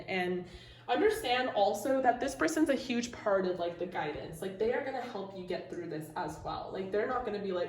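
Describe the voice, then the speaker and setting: A woman's voice: medium pitch, expressive, normal speed. A young woman giving a casual, emotional tarot reading to her viewers, gushing and swearing freely, with lots of "like" fillers. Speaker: tarot reader. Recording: roomy echo.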